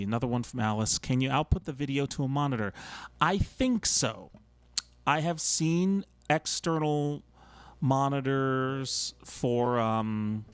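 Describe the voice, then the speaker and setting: A man's voice: mid-range voice, clean tone, dry recording. A man co-hosting a casual live stream who answers viewer questions in a loose, conversational way, hedging often. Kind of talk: casual chat.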